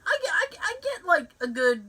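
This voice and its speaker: Giggly, bright-voiced young woman. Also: extremely high pitch, normal speed, far from the mic. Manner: giggly, animated storytelling with many restarts. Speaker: podcast co-host. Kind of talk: casual chat.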